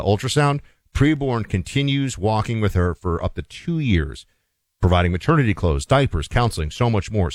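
A male radio co-host chatting casually and reading a live sponsor spot, slowing down for emphasis. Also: lowish voice, dry recording, clean studio sound. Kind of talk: talk radio chat and live ad read. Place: radio studio. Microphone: studio microphone.

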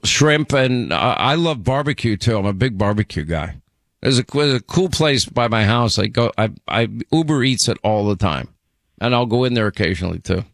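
A man's voice: mid-range voice, lively intonation, moderate pace, fairly bright tone, no echo. Man, radio talk show host, chatty, rambling anecdotes, dry studio sound. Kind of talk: call-in radio chat.

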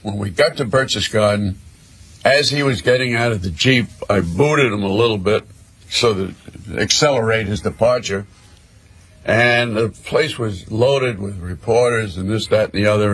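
An older man telling a personal war story in a slow, measured way, with pauses. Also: on the low side, breathy edge.

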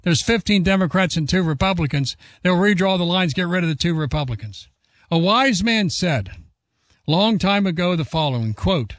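A talk-radio host with a high voice speaks in a steady, declarative way. He lectures through his points one by one, and the sound is dry and close to the mic. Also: moderate pace, no room sound.

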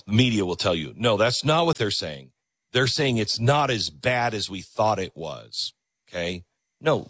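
A man's voice: lowish voice, fairly bright tone, breathy edge, no echo. A man hosting a show, giving emphatic commentary on clips he plays. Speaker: host.

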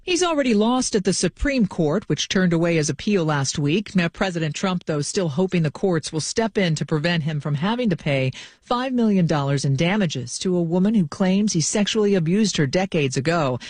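A woman newscaster reading radio headlines in a crisp, measured delivery. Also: fairly low pitch, lively intonation, a little mellow, no echo.

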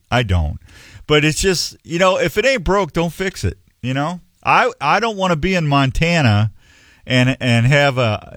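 A man's voice: mid-range voice, no room sound, clean studio sound. A middle-aged man hosting a show in a rambling, folksy, self-mocking way. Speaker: radio show host. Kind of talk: casual on-air chat.

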